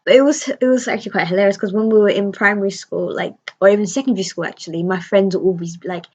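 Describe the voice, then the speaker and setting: A woman in her thirties, hosting a casual livestream and telling family stories in a chatty, animated way. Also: medium pitch, fast talker, dull audio. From United Kingdom. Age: 30s. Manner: chatty, animated retelling with quoted voices. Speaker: livestream host. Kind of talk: casual storytelling chat. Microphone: laptop or phone mic.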